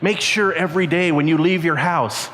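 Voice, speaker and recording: An older man giving a storytelling sermon to young people at a camp, acting out the characters in animated voices. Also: normal speed. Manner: animated, acts out characters with squeaky high voices. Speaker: camp speaker. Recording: long reverb, faint background noise.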